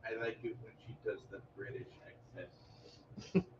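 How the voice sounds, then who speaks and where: A man's voice: on the low side, steady tone, measured pace, far from the mic. Man off-mic, dry teasing asides, roomy echo, muffled, faint room noise. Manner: quiet dry teasing remarks. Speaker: host's partner in the room.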